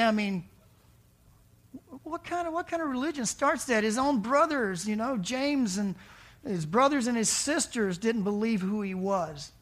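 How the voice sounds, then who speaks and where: A man preaching a sermon in a conversational way, asking rhetorical questions and dropping to a hushed voice for dramatic lines. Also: very high-pitched, animated, measured pace. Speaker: pastor.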